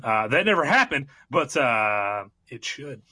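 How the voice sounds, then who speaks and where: A man on a podcast, casually pitching joke movie ideas and clearing his throat now and then. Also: very animated, unhurried, pushed and bright, dry recording. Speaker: podcast co-host. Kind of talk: casual chat.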